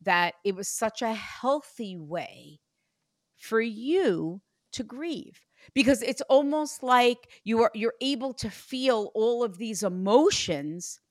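A woman psychic medium giving a reading, animated and chatty, acting out what the spirit says. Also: on the high side, no room sound, studio quality. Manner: animated, acts out the spirit's voice in quotes.

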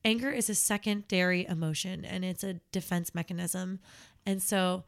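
A woman's voice: on the low side, fairly even intonation, normal speed. A young adult woman who works as a nanny, chatting casually and telling stories, acting out the voices she quotes. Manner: storytelling, acts out quoted voices. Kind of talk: casual chat.

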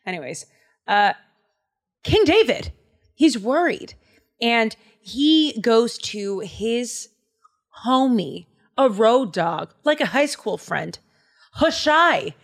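Animated slangy woman podcast host. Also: fairly high pitch, slow pace, long pauses. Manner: animated, slangy, acts out dialogue. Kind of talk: casual chat retelling a Bible story.

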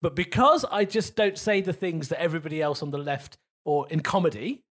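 A man's voice: on the high side, a little fast, a bit bright. A man in his thirties co-hosting a comedy podcast in casual chat, arguing his point at length. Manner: argumentative, defends himself at length.

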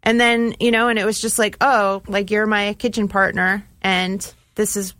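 A woman's voice: mid-range voice, flat delivery, moderate pace, fairly bright tone, no room sound, studio quality. A woman who co-owns a vegan diner, chatting casually and telling a story full of "like" and acted-out quotes. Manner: chatty, fills with "like" and quoted asides. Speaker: chef and diner co-owner.

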